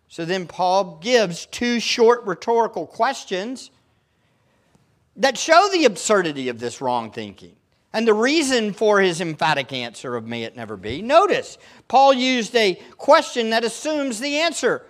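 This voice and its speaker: A man's voice: sits high, very animated, a little slow, fairly bright tone. A male pastor preaching a sermon, emphatic and fond of putting rhetorical questions to his congregation.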